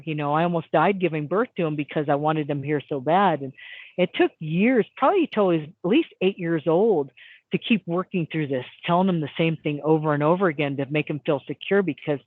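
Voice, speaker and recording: A middle-aged woman, a hypnotist, telling a story as a guest in an interview, acting out quotes with sudden jumps in pitch and often repeating words as she restarts. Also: no echo. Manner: animated, acts out quotes with big pitch jumps. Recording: dry tinny phone-like sound.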